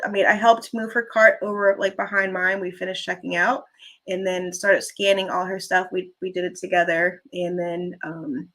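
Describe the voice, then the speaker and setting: A woman hosts a relaxed livestream and talks in a loose, chatty way. She drifts from one story to the next and pauses to read out and thank viewers for their comments. Her voice has a bright, forward edge. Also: medium pitch. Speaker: livestream host. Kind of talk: casual livestream chat.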